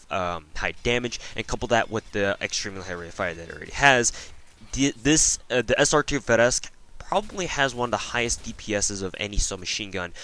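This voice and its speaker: A man's voice: on the low side, bright, forceful tone. A man giving a casual video game review voice-over, rambling with lots of fillers and self-corrections.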